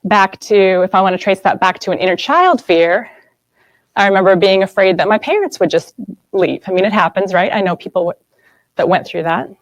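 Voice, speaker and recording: A woman's voice: mid-range voice, a little fast, dry recording, rough recording. A woman in her thirties giving an earnest spiritual talk to a group, often checking in with the audience. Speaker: guest speaker.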